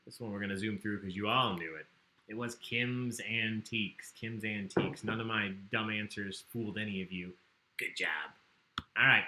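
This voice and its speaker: A man's voice: lowish voice, bright, forceful tone, reverberant, slight background noise. A man hosting a livestreamed trivia game, chatty and joking as he reads out the questions. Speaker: trivia host.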